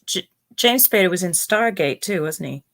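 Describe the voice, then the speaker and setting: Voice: medium pitch, expressive, normal speed, vocal fry, fairly bright tone. A speaker in a casual chat, mostly agreeing with brief interjections and naming actors.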